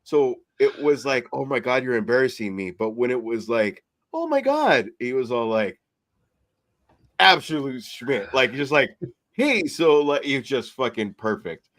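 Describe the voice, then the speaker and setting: A man co-hosting a podcast, telling a story in animated casual chat with plenty of swearing. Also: medium pitch, moderate pace, hardly any pauses. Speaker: podcast co-host.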